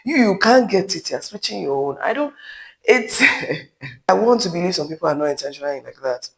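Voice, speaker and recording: A man's voice: high voice, lively intonation, brisk, creaky, low-quality recording. A man from Nigeria with a Nigerian accent, giving his opinions in a vlog in a candid, emphatic way with rambling asides. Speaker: vlogger.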